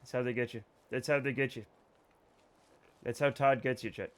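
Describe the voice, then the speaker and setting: A man's voice: medium pitch, fairly even intonation, moderate pace, clean tone. A man streaming a video game live, chatting casually with viewers in a rambling, joking way and swearing freely. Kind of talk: casual let's-play chat with viewers.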